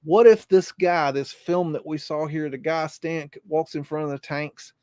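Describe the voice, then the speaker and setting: A man's voice: fairly high pitch, steady tone, unhurried, a little mellow, smooth, no echo, studio quality. A man hosting a live podcast, talking in a rambling, repetitive way and swearing freely. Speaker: podcast host.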